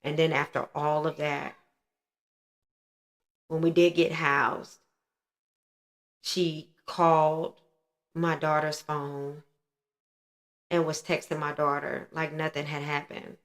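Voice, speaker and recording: Low-voiced woman telling her story frankly. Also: level tone, slow, long pauses. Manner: earnest, frank and reflective. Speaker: host sharing her personal story. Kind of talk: candid personal storytelling.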